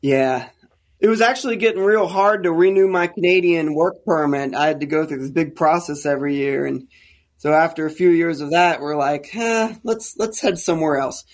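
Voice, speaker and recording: A man telling a caving story as a podcast guest, casual and animated, acting out the lines of people in it. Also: fairly high pitch, normal speed. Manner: animated, acts out quoted dialogue. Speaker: guest, caver.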